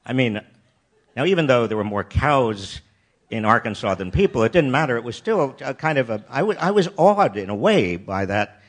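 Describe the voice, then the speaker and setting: An older American man telling a personal story in a wry, self-deprecating way, often halting and restarting his sentences. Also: medium pitch, sing-song. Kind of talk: personal anecdote talk.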